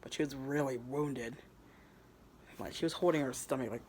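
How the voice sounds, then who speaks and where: A man's voice: medium pitch, moderate pace, a little mellow, a little hiss or hum. Rambling, foul-mouthed male storyteller. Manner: rambling, crude, with repeated stumbling restarts. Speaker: storyteller retelling his own fan fiction. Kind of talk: casual retelling of a story.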